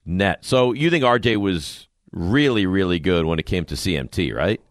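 Lively, teasing man on a dry mic. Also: low-pitched, normal speed, dry recording. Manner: teasing, needling questions. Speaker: sports talk host. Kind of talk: casual sports chat.

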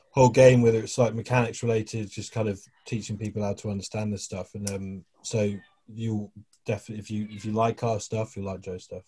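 A man's voice: on the low side, mellow, husky. A man hosting a podcast in an easygoing, casual chat, with a lot of fillers and restarts as he wraps things up. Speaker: podcast host.

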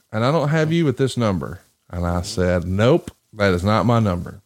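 A man's voice: on the low side, moderate pace. A man hosting a podcast, telling a story in casual chat with plenty of swearing and acted-out quotes. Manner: profane, animated storyteller acting out quoted voices. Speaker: podcast host.

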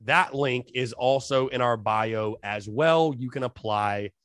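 A man hosting a solo sports podcast, talking straight to his listeners in an animated, hype-filled way. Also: medium pitch, a little slow, dry recording, clean studio sound. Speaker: podcast host.

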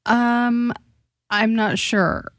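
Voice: medium pitch, flat delivery, extremely slow, a bit bright, no room sound. Tentative radio co-host on a dry mic. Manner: tentative, brief replies, laughing along. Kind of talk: casual talk radio banter.

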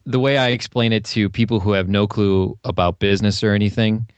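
A man's voice: on the low side, fairly even intonation, brisk, clean tone, no echo. A man as a podcast guest in casual interview chat, enthusiastic and explaining with sports analogies.

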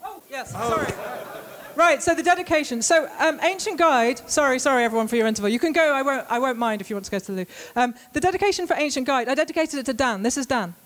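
A woman giving a live talk to an audience as a guest author, witty and brisk with deadpan asides. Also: high voice. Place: event venue with a live audience.

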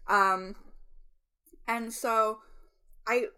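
A woman's voice: a little high, steady tone, extremely slow, bright, forceful tone, clear, resonant tone. Chatty young woman podcast co-host. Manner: chatty, heavy use of "like", frequent laughs. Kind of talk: casual chat.

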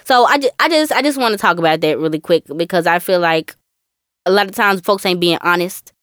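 A woman co-hosting a casual podcast, talking with animated ups and downs and mimicking other people. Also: fairly low pitch, fairly quick, smooth, no room sound, clean studio sound. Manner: animated, mimics voices with laughs. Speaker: podcast co-host.

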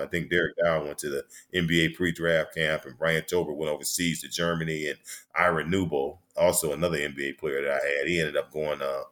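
Deep-voiced man in his sixties telling stories. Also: fairly bright tone. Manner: rambling, full of "you know" fillers and restarts. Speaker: former basketball player and coach, guest. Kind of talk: casual storytelling interview.

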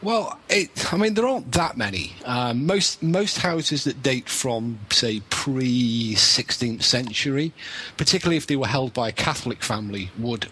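A man co-hosting a casual podcast, explaining in a measured way with dry humour. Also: medium pitch, animated, pushed and bright, slight background noise. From Wales, UK. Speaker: co-host, paranormal researcher.

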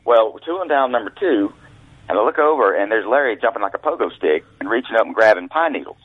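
A man's voice: lowish voice, lively intonation, fast talker, no room sound. A male author and guest telling folksy, rambling anecdotes over the phone. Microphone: telephone. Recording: tinny phone line.

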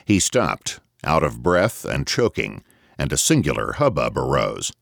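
A man reading a novel aloud as audiobook narrator, measured and reflective, close to a studio mic. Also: very deep voice, sing-song, creaky, fairly bright tone, no room sound.

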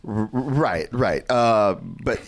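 Lively male co-host, mid pitch. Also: very slow. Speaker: movie reviewer co-host. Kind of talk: casual movie review chat.

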